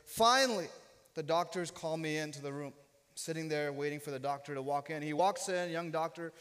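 Brief: man in his 30s, pastor, joking sermon storyteller, fairly high voice, long church-hall echo. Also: brisk, fairly bright tone, smooth. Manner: humorous, self-deprecating storyteller. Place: church sanctuary.

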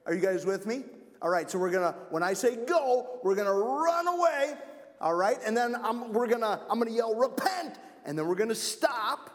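Lively man leading kids in church. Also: very high voice, moderate pace. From Wisconsin. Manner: lively, playful, calls and repeats to kids. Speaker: camp leader giving children's message. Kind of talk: energetic children's message in church. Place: church sanctuary. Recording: long church reverb.

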